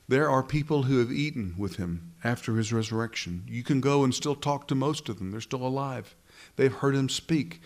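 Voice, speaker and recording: A pastor delivers an earnest sermon, speaking straight to his congregation. He is a man with a voice of middling pitch and a steady, sincere manner. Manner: earnest, addresses congregation directly.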